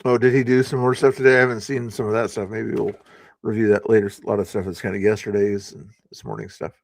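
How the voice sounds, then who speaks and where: A man's voice: fairly low pitch, fairly even intonation, quick pace, gravelly, no echo. A man hosting a casual news commentary stream, talking loosely with many fillers and restarts. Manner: rambling, lots of fillers and restarts. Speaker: stream host.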